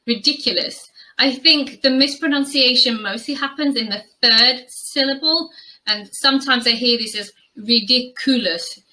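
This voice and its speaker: A woman with a British English accent teaching pronunciation, saying each word slowly and carefully and repeating it. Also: on the high side, pushed and bright, rough recording. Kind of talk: pronunciation lesson.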